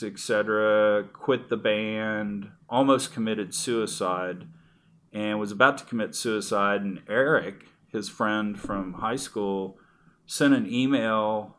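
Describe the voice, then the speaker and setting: A man's voice: on the low side, a bit bright. A middle-aged man in casual conversation, telling personal stories in a rambling way with frequent restarts. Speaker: guest.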